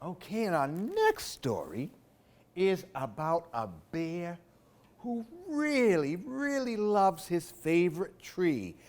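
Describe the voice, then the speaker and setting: A man's voice: sits high, big pitch swings, takes it slowly, a little mellow. A man reading picture books aloud for children, with playful asides to young listeners. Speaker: library storytime reader.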